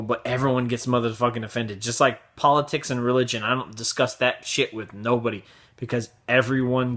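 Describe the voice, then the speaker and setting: A man's voice: medium pitch, pushed and bright. A man hosting his own video blog, giving a profane, sarcastic opinion rant in a casual way. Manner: profane, sarcastic, mocks others in raised voices. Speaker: vlog host.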